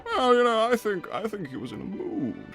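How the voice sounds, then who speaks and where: Guy doing a rambly pompous old squirrel king, gravelly, pitch all over the place. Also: wildly swooping pitch, moderate pace, fairly bright tone, soft background music, exaggerated voice. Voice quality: gravelly, wildly swooping pitch. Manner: pompous, rambling, easily distracted. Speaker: livestream character performer. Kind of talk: live improvised character roleplay.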